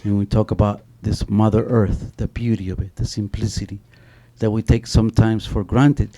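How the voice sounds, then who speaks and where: Speaking at normal speed in a lowish, warm voice with little pitch movement, a middle-aged man tells animated stories on an author panel. He restarts frequently and keeps saying "you know."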